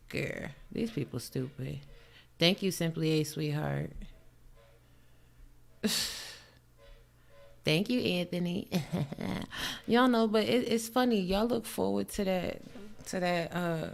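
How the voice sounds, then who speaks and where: A woman's voice: fairly low pitch, slow pace, creaky, pauses often, a bit bright. A woman with a New York accent co-hosting a chat show, brash, profane and boastful in casual talk. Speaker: podcast co-host.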